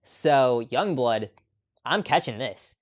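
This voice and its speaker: Hosting a laid-back live stream about movies, a man speaks slowly in a mid-range voice with lively intonation. He chats off the cuff, with frequent little laughs and plenty of ums.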